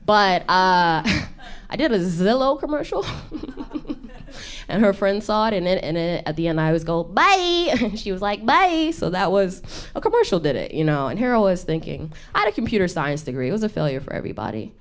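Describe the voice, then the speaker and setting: Low-voiced woman doing stand-up. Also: expressive, a little fast, smooth. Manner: self-deprecating, chatty, laughs between lines. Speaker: stand-up comedian. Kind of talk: stand-up set. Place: intimate studio stage with audience.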